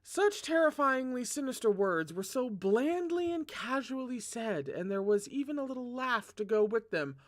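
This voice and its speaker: Excitable reader with dramatic asides. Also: normal speed, hardly any pauses. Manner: dramatic, excitable asides with big pitch jumps; casual, self-deprecating humor. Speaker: read-along host. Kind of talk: novel read-aloud with chatty commentary.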